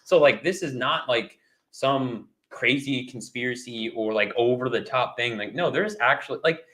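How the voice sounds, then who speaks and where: Brief: man, guest on a podcast, bright mid-pitched voice, loose rambling delivery. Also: moderate pace. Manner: rambling, many fillers and restarts. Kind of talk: casual chat.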